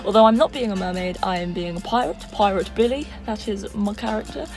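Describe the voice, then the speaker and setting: A woman's voice: medium pitch, brisk, darkish tone. A young woman, vlogging casually and chattily from an outdoor festival as a children's entertainer. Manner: bubbly and chatty. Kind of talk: casual vlog. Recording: music playing in the background.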